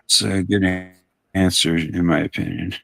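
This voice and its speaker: Young guy, low and relaxed, rambling storyteller, dry close mic. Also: moderate pace, vocal fry, dry recording. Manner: laid-back, rambling, swears casually. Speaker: co-host on a live stream. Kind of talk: casual storytelling chat.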